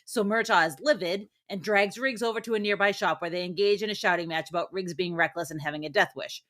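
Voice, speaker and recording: A woman co-hosting a movie podcast, recapping the plot in a steady, plain way. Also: lowish voice, quick pace. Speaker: podcast co-host. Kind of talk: reading a plot summary.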